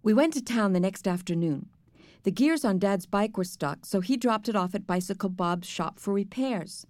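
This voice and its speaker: A woman narrating a children's book in the first person with an even storytelling delivery. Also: mid-range voice, normal speed, no room sound. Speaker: audiobook narrator.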